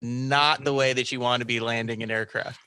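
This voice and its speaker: A man's voice: mid-range voice, fairly even intonation, moderate pace, sharp tone, clear, resonant tone, no echo. A man co-hosting a pilot podcast in casual chat, teasing a colleague in a dry, explanatory way. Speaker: podcast co-host.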